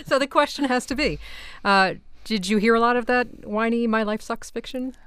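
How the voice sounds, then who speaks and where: A woman's voice: on the high side, normal speed, fairly bright tone, clean tone, no echo. A woman hosting an interview, asking lightly teasing questions. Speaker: interviewer host. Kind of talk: radio interview.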